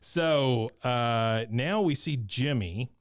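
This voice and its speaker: A man's voice: medium pitch, drawn-out words, no echo, clean studio sound. A man co-hosting a podcast, recapping an episode in casual chat and acting out quotes, laughing often. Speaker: podcast co-host.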